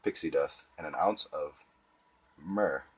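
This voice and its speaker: A man's voice: extremely low pitch, slow pace, husky, exaggerated voice. A man reading the part of a bossy, matter-of-fact schoolgirl. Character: bossy know-it-all schoolgirl.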